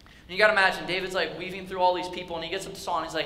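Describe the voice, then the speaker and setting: A young man preaching to his youth group with a high, bright, forceful voice. He tells the story in a loose, joking way and slips into the characters as he goes. His voice rings through a large hall with long reverb. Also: little pitch movement, very fast. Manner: casual, joking, acts out the characters. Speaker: youth pastor. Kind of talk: storytelling sermon. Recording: echoey hall with faint ambience.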